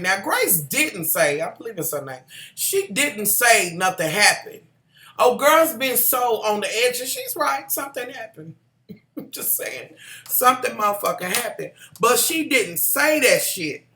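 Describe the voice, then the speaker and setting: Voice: medium pitch, big pitch swings, a little slow, sharp tone, roomy sound. A vlogger recapping a TV drama in casual chat, sassy and profane, calling viewers y'all and honey.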